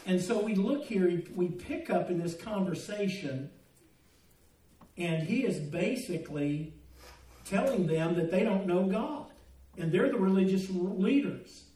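A man's voice: high voice, lively intonation, unhurried, warm tone. Older man preaching in an echoey church. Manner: folksy, joking storyteller turning earnest. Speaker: pastor. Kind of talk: sermon. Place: church sanctuary. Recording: roomy echo, mic at a distance.

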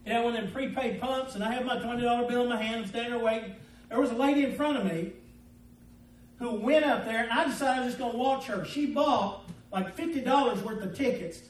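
A man preaching a sermon in a folksy, storytelling way. His voice sits unusually high for a man and rises and drops sharply in loudness. He is recorded from some distance, and the room echoes around him. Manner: folksy storytelling, swings between loud and quiet.

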